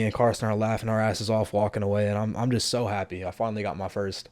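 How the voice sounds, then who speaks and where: A brash young man in his twenties tells a story in a profane, rapid-fire rush. His voice sits a little low. The sound is dry and close to the mic. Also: level tone, darkish tone, no echo. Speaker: vlogger. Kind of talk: storytelling vlog.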